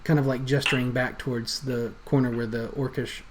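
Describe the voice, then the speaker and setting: A man's voice: medium pitch, a little fast, a little hiss or hum. Man narrating as game master. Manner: relaxed, descriptive, explains rules.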